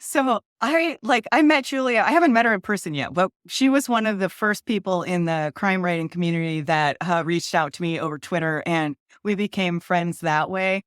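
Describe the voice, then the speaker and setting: A woman, a guest author chatting in an interview, excitable and quick to laugh. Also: lowish voice, clear, resonant tone, no room sound, studio quality. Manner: bubbly, laughs often, excitable. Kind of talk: casual interview chat.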